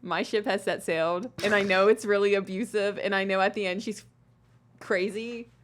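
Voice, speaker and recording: A woman's voice: medium pitch, steady tone, moderate pace, a little hiss or hum. Young woman, college radio co-host, playful, giggly, chatty, studio mic in a small booth. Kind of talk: casual fan chat. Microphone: studio microphone.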